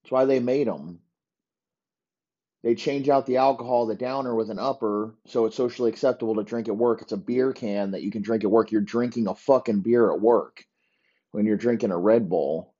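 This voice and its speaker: A man rants through a profane, rambling comic monologue as a podcast host. His voice sits low and mellow. The recording sounds muffled and lo-fi. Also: moderate pace. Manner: crude, profane, ranting. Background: dogs barking.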